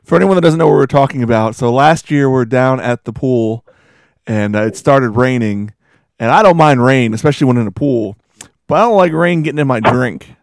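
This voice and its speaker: A man co-hosting a podcast tells a story in a relaxed, wry way. His pitch is average. The sound is dry and close to the mic. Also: brisk, no room sound. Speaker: podcast co-host. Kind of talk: casual chat.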